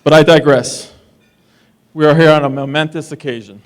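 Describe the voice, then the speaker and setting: A man's voice: a little high, steady tone, normal speed. A man giving a best man's wedding toast, teasing and wisecracking with the guests at a reception in a distillery. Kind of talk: joking wedding speech.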